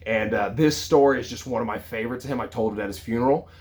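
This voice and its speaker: Man, thirties, mid-pitched, casual storyteller, lively and conversational. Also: fast. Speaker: sales leader.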